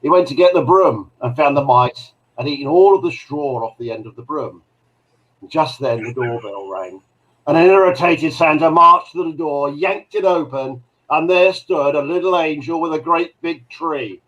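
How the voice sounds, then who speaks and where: A man's voice: normal speed, fairly bright tone, dull audio. A man co-hosting a live drone chat show, reading out a Christmas joke as a story. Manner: storytelling, with a cheery high voice for the angel's lines. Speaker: co-host reading the weekly joke.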